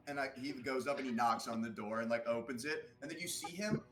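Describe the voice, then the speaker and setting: A man's voice: mid-range voice, fairly quick, hardly any pauses, a bit bright, soft background music. A man narrating as game master in a tabletop role-play game, loosely and with laughter.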